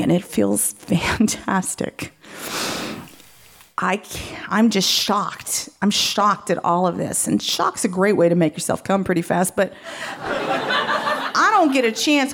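Frank storytelling woman with gravelly fry. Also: medium pitch, big pitch swings, a little slow. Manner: frank, candid, often laughing while talking. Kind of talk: live personal storytelling.

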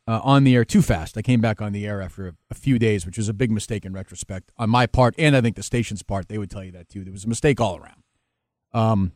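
Halting, emotional radio host man. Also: fairly low pitch, dry recording, studio quality. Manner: halting, many restarts, emotional and self-critical. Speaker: sports talk radio host, interview guest. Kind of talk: candid interview conversation.

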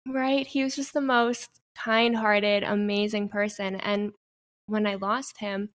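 A woman's voice: mid-range voice, little pitch movement, slow, fairly bright tone. A young adult woman guest in an interview, speaking earnestly and telling heartfelt stories. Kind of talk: personal interview conversation.

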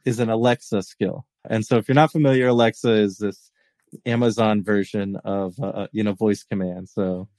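A man's voice: lowish voice, steady tone, normal speed, a little mellow, no echo. A man from the United States co-hosting a casual tech podcast, talking in long rambling stretches with frequent laughs and restarts. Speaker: podcast co-host.

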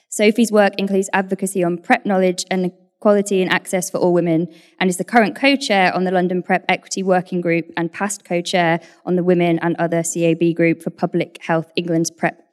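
A woman with a slightly low voice hosts a live event. She reads out a guest introduction, then shifts into relaxed, informal talk about editing the podcast. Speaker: event host.

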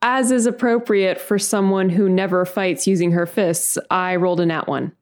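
A woman's voice: lowish voice, fairly even intonation, moderate pace, darkish tone. A woman playing in a tabletop game, speaking wryly and self-mockingly. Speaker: player. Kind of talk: casual game chat.

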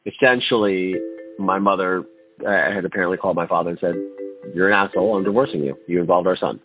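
A man recounting his childhood in a candid, halting way, with nervous laughs. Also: low voice. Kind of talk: personal testimony. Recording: tinny phone-like line with faint music.

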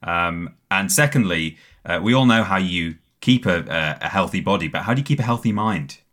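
A male podcast host with a very deep voice, asking a guest friendly, rambling questions. He drifts through his phrasing with ums along the way, in a relaxed, chatty interview. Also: moderate pace. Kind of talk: casual comedic interview.

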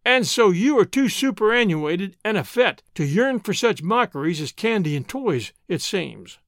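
A mock-grand Western camp man who puffs up his words in a florid, formal way , as a man reading the story puts him on. The voice sits fairly high with a lot of movement, and the recording is dry. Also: big pitch swings, normal speed, fairly bright tone, no room sound, exaggerated voice.

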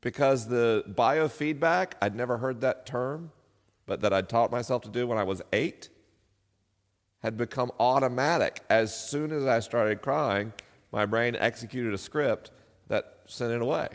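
A middle-aged podcast host tells a personal story live to an audience, laughing often and poking fun at himself. His voice is medium-pitched and a little slow, and the live venue gives it a long hall reverb.

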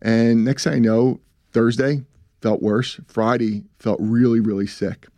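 A man's voice: medium pitch, fairly even intonation, unhurried, warm tone, no echo. A man, a business founder telling his story in a casual interview, rambling and repeating himself as he acts out what others said.

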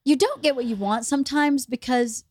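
Woman, middle-aged, podcast host, animated storyteller, high lively voice, dry close sound. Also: normal speed, dry recording. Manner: animated storyteller, acts out quotes with big pitch jumps. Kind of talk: casual chat.

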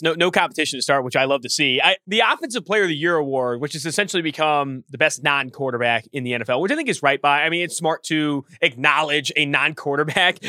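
A man co-hosting a sports podcast, his high voice bright and pressing as he rattles off arguments at speed. The sound is close and dry, with no room around it. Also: dry recording. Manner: fast, heated ranting. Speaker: podcast co-host.

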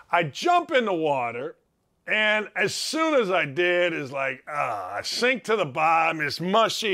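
A middle-aged man hosting a sports talk show, telling a story in an excitable, self-mocking way with loud exclamations. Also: high-pitched. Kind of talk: animated storytelling monologue.

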